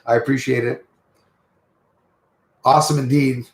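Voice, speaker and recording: A man's voice: medium pitch, level tone, a little slow, roomy sound. A man from Quebec with a Quebec French accent, hosting a casual livestream, greeting viewers and rambling in a friendly way. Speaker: livestream host.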